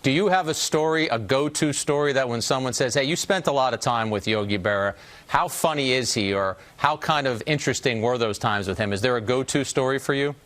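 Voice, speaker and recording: A man's voice: mid-range voice, a little fast, hardly any pauses, fairly bright tone. A male interviewer asking long, wordy questions. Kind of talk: broadcast interview.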